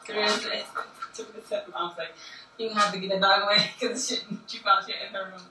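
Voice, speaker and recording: Chatty woman, casual; bright tone, distant in an echoey room with faint noise. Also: mid-range voice, steady tone, quick pace. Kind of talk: casual chat.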